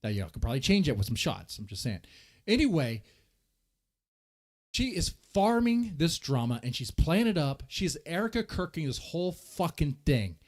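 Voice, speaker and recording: A man hosts a drama commentary with a slightly high, very lively voice that swings all over. He rants at his audience, profane and exasperated. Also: moderate pace. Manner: animated, profane, exasperated ranting. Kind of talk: ranting commentary over clips.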